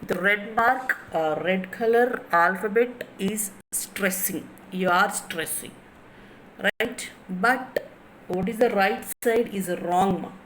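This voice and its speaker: A woman's voice: mid-range voice, takes it slowly, a bit bright, a little hiss or hum, rough recording. A woman, giving a classroom lecture on pronunciation, often repeating herself and asking the class questions. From India. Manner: repeats points, asks the class rhetorical questions. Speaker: English lecturer.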